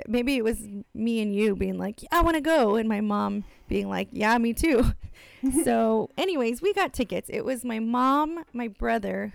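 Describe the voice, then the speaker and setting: Chatty woman with a gravelly edge. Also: a little high, no echo. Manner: chatty storyteller, acts out quotes. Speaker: podcast co-host. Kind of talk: casual chat.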